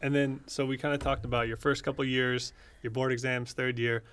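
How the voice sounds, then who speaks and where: A young man co-hosting a podcast, talking in a relaxed, conversational way and giving advice. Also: mid-range voice, a little fast, smooth. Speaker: podcast co-host, medical student. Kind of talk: casual podcast chat.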